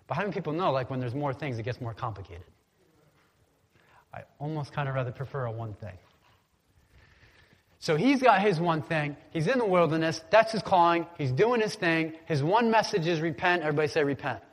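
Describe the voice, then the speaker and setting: A man's voice: a little high, animated, a little fast, long reverb tail. A man preaching a casual, conversational sermon, often asking the congregation to repeat words after him. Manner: casual, conversational preaching with call-and-response prompts. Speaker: pastor.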